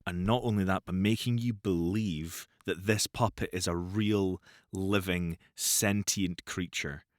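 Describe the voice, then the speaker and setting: A man's voice: sits low, fairly even intonation, unhurried, dry recording, studio quality. A man co-hosting a podcast, enthusing about a film and swearing casually. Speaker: podcast co-host. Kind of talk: casual film review chat.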